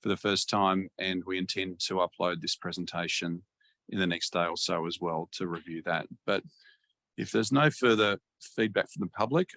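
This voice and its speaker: Deep gravelly man chairing. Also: fairly bright tone. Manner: measured, hesitant with fillers. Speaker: meeting chair. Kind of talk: hosting a council webinar.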